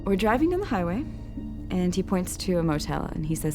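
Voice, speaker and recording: A young woman telling the story of her kidnapping in a documentary interview, halting and earnest, with many restarts. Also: fairly low pitch, animated. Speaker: survivor recounting a crime. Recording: music bed under the voice.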